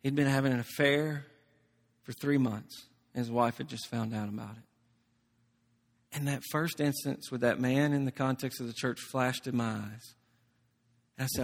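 A man preaching a sermon as pastor, shifting from soft, intimate stretches to loud, emphatic ones. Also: mid-range voice, moderate pace, long pauses. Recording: long reverb of a large hall.

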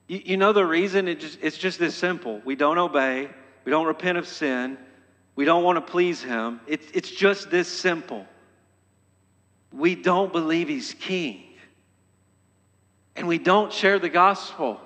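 Male pastor, emphatic sermon delivery, bright and forceful tone, stumbling restarts. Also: a little high, unhurried. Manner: emphatic, building to loud exhortation; repeats phrases with stumbling restarts. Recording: long hall reverb.

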